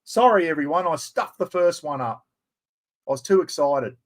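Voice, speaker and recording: A man in his fifties with an Australian accent, excitedly hosting a chatty live stream giveaway and poking fun at himself. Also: a little high, moderate pace. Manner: excitable, chatty, self-mocking.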